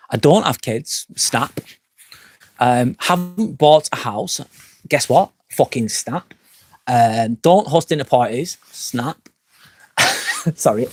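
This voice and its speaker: A man's voice: medium pitch, slightly rough, dry recording. Tipsy, slurring man in his forties, casual live-stream host outdoors at night, rambling and foul-mouthed, mid-range voice. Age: 40s. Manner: rambling and frank, swears often. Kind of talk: casual live-stream chat, answering comments. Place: outdoors at night by a campsite fire pit.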